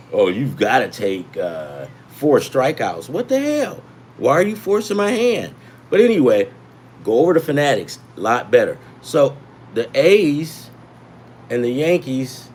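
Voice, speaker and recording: Guy doing a casual betting stream, mid-pitched voice, rambly and pushy, faint noise behind. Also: a little mellow. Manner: rambling, repeats himself, chats with viewers; pushy, emphatic tips. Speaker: sports betting livestream host. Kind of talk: casual livestream talk.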